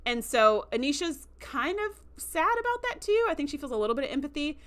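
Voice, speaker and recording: A woman's voice: sits high, very animated, brisk, a bit bright. A woman hosting a livestream, chatting casually through an episode recap with lots of fillers and acted-out quotes. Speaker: show host.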